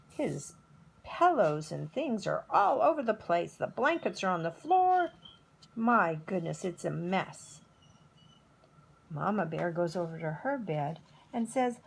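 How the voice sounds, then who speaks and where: A middle-aged woman reading to toddlers in an unhurried, expressive way. Her husky, gravelly voice rises and falls a lot. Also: on the low side. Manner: slow, expressive storytelling. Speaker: preschool teacher. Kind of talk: storytelling for toddlers.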